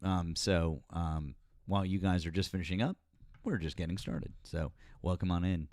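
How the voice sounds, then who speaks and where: A man's voice: low voice, normal speed, darkish tone, no room sound, clean studio sound. A man hosting a live political stream, talking bluntly and casually with lots of swearing and filler words. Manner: blunt, profane, rambling with fillers. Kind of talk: casual political chat with callers.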